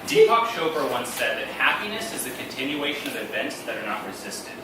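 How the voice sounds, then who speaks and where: A man's voice: medium pitch, big pitch swings, brisk, heavy background noise. Wry man telling stories on stage. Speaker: storyteller. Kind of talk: comic stage storytelling. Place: theater stage. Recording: echoey room, distant mic, loud background.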